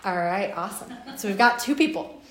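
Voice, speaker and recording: A woman's voice: mid-range voice, fairly quick, a crowd in the background. Young woman teaching bible study, chatty, lots of "like"s, roomy echo. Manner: chatty, many fillers, lively storytelling. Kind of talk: casual Bible lesson.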